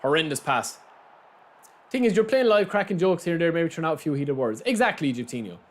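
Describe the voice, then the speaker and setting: A young Irish man with a fairly high, quick voice streams his football video game, commenting live and chatting with viewers. He's animated and talkative, reacting both to the play and to his audience.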